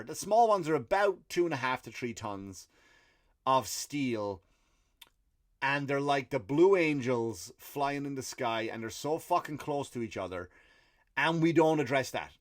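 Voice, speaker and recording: An Irish man hosting a comedy podcast, telling a story in a profane, animated ranting monologue with acted-out quotes. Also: mid-range voice, a little fast, no room sound, clean studio sound. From Ireland.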